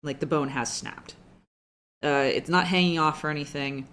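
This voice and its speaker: A game master with a middle-pitched voice narrates a tabletop game in a loose, casual way. The narration wanders and is full of fillers and restarts. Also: steady tone, moderate pace, a bit bright.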